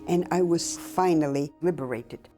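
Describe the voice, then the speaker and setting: An older woman recounting her own memories in a slow, halting, reflective way with pauses. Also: low voice, dark tone, faint music behind. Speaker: Holocaust survivor giving testimony. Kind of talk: personal testimony, recounted memories.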